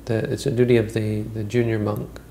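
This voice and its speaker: A man's voice: lowish voice, flat delivery, fairly quick, dark tone, slight background noise, close to an everyday voice. A man voicing a loyal, protective senior monk who speaks earnestly and respectfully.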